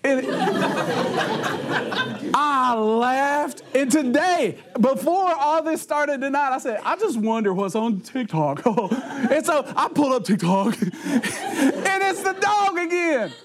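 A man's voice: extremely high pitch, slow. A middle-aged man, a youth pastor telling humorous stories to teenagers, laughing often and acting out what people said. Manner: laughs often mid-sentence, animated, acts out quotes. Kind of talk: humorous storytelling talk to teenagers.

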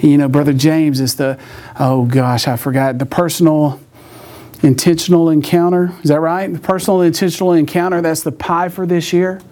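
A middle-aged man preaches to a young crowd in a slightly higher-than-usual voice. He tells personal stories loosely and warmly, with self-mocking asides and little acted-out voices. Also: steady tone, moderate pace. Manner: storytelling with jokes, acts out voices. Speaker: youth pastor. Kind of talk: sermon.

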